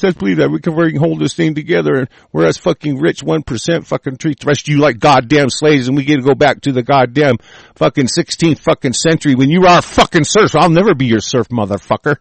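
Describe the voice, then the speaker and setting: A man with a high, gravelly voice tears into the news in an angry, swearing rant. He often raises his voice to a shout and spits out his words. The sound is dry and close, with no room echo. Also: fast talker. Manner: furious, profane, shouting rant. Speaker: political commentator. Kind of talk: solo rant reacting to news he reads aloud.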